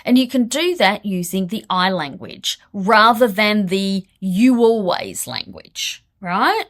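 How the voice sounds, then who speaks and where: A woman's voice: medium pitch, slow pace. A woman counsellor giving direct, blunt relationship advice in a podcast monologue. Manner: direct, blunt, lively delivery.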